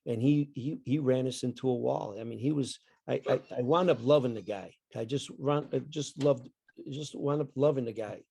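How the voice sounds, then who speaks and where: An older retired basketball coach, appearing as a guest, rambles through stories in casual conversation, repeating words and acting out his dad. His mid-range voice moves at a normal speed and sounds gravelly, warm, and husky.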